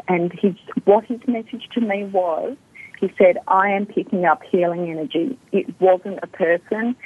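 Over a tinny phone line, a middle-aged Australian woman guests in an interview, animatedly telling a personal story and acting out what the people in it said. Her voice is lowish with a breathy edge, recorded dry.

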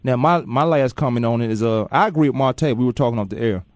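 A man's voice: mid-range voice, fast talker, dry recording, studio quality. Casual, slangy male sports-radio host. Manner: joking, loose, slangy. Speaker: sports talk show host.

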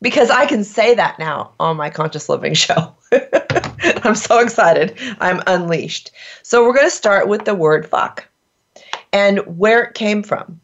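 A woman's voice: medium pitch, lively intonation, a little slow, highs cut off, a little hiss or hum. A woman hosting a podcast in casual chat, playful and emphatic, laughing often. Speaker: host.

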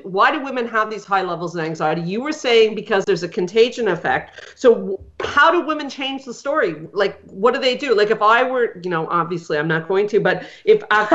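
Female radio host, casual and chatty, mid-pitched, dull lo-fi audio. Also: a bit bright. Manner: chatty, many fillers and restarts.

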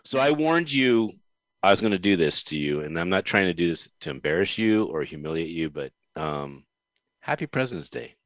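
Man, joking host, very deep voice, dry close sound. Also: very animated, normal speed, a bit bright, no room sound. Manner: joking, playful. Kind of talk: casual chat.

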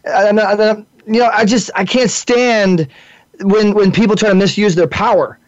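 A man hosts a podcast interview, earnest and halting, with many stammered restarts. His voice sits high for a man. The sound is dull and lo-fi, with no room echo. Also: steady tone. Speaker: host. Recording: dull lo-fi audio, dry.

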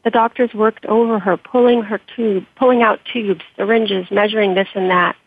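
Husky woman reading her memoir by phone. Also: mid-range voice, fairly even intonation, moderate pace, no echo. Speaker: author and interview guest. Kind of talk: reading her memoir aloud, then interview answers. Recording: dry tinny phone-like line.

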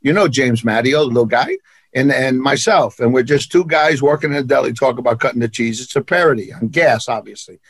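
A man's voice: mid-range voice, brisk, dry recording. A man with a New York accent, an actor being interviewed, telling stories in an emphatic, punchy way and repeating phrases for effect. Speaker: actor and martial arts instructor, guest. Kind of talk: animated interview storytelling.

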